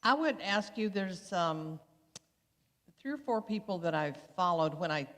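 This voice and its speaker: An older woman speaks thoughtfully about her spiritual practice, earnest and a touch wry. Her voice sits slightly low and carries a long hall reverb. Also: expressive, unhurried, a bit bright. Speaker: guest, spiritual coach. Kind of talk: reflective personal sharing.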